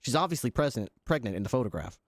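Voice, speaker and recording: Man, game master, rambling narration, frequent restarts, mid-pitched voice. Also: very animated, quick pace, no room sound. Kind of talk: narrating a role-play scenario.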